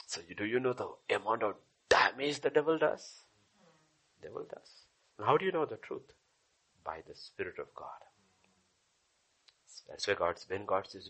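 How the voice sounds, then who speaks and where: A man, preaching a sermon as a pastor, swinging between loud exclamations and low, hushed asides. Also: animated, brisk, breathy edge.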